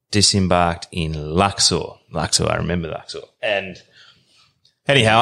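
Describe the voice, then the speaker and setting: Aussie guy in his 30s telling a yarn, real low voice, easygoing, wanders off a bit. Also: a bit bright. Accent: Australian. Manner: easygoing, rambling yarn-spinner. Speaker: podcast guest. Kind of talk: casual storytelling.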